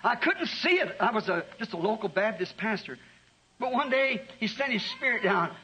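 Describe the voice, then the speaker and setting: A man's voice: high voice, animated, normal speed, pushed and bright, poor audio. A middle-aged man preaching a sermon in a fervent, folksy way, telling a story and often repeating his words.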